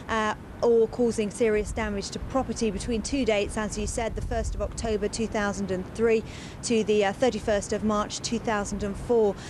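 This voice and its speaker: A woman correspondent reporting live outdoors, careful, pausing with fillers. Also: a little high, noisy background. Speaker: news correspondent.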